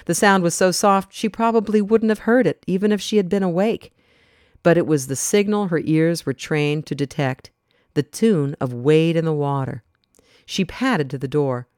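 A reader narrating an audiobook story in an even, measured way. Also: medium pitch, dry recording, clean studio sound.

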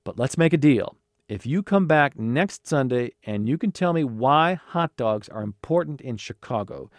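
Man doing a gruff hot dog vendor. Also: mid-range voice, expressive, moderate pace, no echo, studio quality, lightly acted. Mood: bargaining. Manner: gruff, growling, snappish. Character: gruff middle-aged male hot dog vendor, stubborn.

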